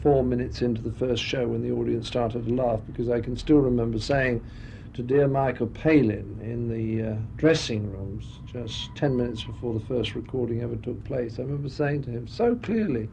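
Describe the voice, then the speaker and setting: Gravelly, wry Englishman telling stories. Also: medium pitch, normal speed, warm tone. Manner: dry, wry storytelling with frequent laughs. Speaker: interview guest. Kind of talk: anecdotal interview chat. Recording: muffled recording with faint noise.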